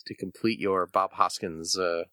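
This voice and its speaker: A man in his thirties co-hosting a casual podcast chat, animated and jokey, laughing often. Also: low voice, measured pace, no room sound. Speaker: podcast co-host.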